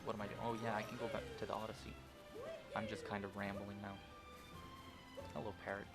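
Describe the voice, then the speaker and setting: A man's voice: fairly low pitch, little pitch movement, quick pace, loud music behind the voice. A young man casually rambling through gameplay commentary at home, swearing often and restarting sentences with lots of fillers. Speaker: gaming channel host.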